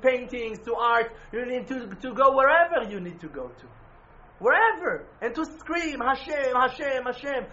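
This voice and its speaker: Man, emphatic religious teacher; high-pitched, faint background noise on a muffled recording. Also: gravelly. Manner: emphatic, swings from loud exclamations to quiet intensity. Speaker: Breslov Hasidic teacher. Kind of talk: impassioned religious talk.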